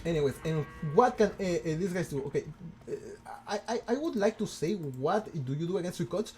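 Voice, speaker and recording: A man casting a strategy game, excitable and stammering, firing off rhetorical questions. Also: sits high, fairly quick, faint music behind. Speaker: game commentator. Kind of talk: casual game commentary.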